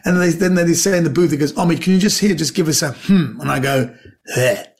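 A man from Britain, a comedian guest telling lively anecdotes in casual chat, acting out quotes and stumbling over restarts. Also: fairly high pitch, brisk, gravelly. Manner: animated anecdotes with acted-out quotes and stammered restarts.

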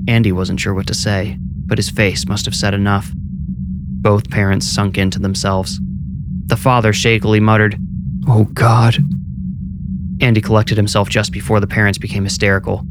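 A man reads a horror story in a steady, measured way, a low voice carrying the suspense. The delivery is scripted and even. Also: heavy background noise. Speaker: narrator. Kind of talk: scripted horror audiobook narration.

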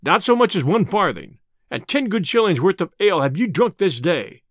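A grasping bald innkeeper, fawning one moment and obstinate the next, as a storyteller puts him on. He speaks in archaic phrasing with a lively pitch, close and dry. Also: normal speed, no room sound, heavily acted. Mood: stubborn, insistent. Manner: wheedling then stubborn, archaic speech. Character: greedy timid male innkeeper, bald.

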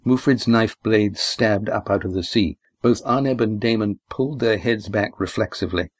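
A man narrating an adventure story at a steady, measured pace. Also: on the low side, dry recording. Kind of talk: audiobook narration.

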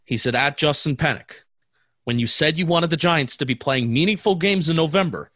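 A man's voice: on the high side, normal speed, pushed and bright, dry recording, clean studio sound. A man co-hosting a podcast in casual chat, bantering and teasing his co-host.

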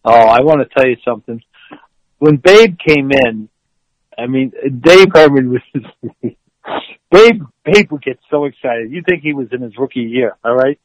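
A former football player telling an animated story. He laughs and acts out the quotes. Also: mid-range voice, a little slow, dry recording, poor audio. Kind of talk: storytelling interview.

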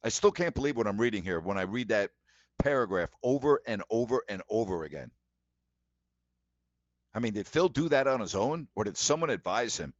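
A man's voice: fairly low pitch, lively intonation, normal speed, no room sound. Man, sports talk host, emphatic, indignant rants, dry close sound, dull lo-fi audio.

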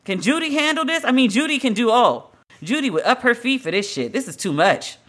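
A podcast host giving solo celebrity-news commentary in a dramatic, emphatic, slangy and profane way, with drawn-out exclamations. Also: medium pitch, very animated, fairly bright tone.

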